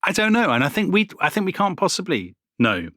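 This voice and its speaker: A man co-hosting a history podcast, telling stories in an animated way and laughing often. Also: high voice, brisk, no room sound, clean studio sound. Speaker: podcast co-host. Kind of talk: conversational history chat.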